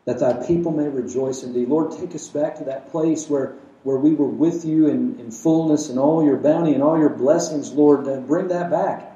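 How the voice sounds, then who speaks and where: A man delivering a sermon in a reverberant sanctuary, heard from a little way off the microphone. His voice is dark and mellow, sitting slightly high for a man. He preaches emphatically, firing rhetorical questions and swinging from loud declarations to hushed asides. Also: normal speed, hardly any pauses, muffled recording. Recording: echoey room, mic at a distance.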